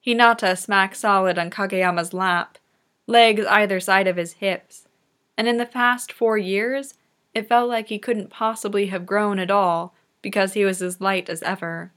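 A woman reading fan fiction aloud in soft, unhurried narration. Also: medium pitch, fairly even intonation. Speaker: reader.

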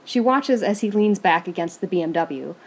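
A woman reading fan fiction aloud in a steady, even storytelling manner. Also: lowish voice, normal speed, breathy edge.

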